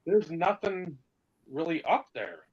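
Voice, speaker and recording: A man's voice: on the high side, slow pace, husky, highs cut off. A man co-hosting a podcast in casual chat, swearing freely and ranting heatedly, slipping into mocking put-on voices. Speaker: podcast co-host.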